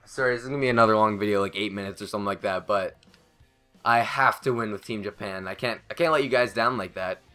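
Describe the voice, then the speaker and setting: A young man giving live commentary over a video game, excitable and rambling, swearing often and talking to himself. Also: on the low side, fast, soft background music. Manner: excitable, swears a lot, rambling self-talk. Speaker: gaming commentator.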